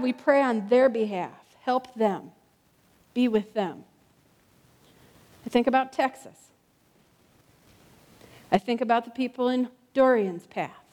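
Her voice high, a woman pastor preaches a sincere sermon inside a church, using repetition and the question "right?" to bring listeners along. The emotional moments make her drop to a slow, gentle hush.

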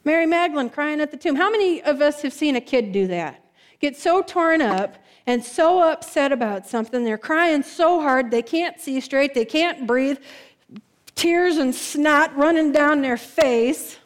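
A woman's voice: sits high, measured pace. A woman preaching a sermon, retelling stories emphatically with lots of repetition.

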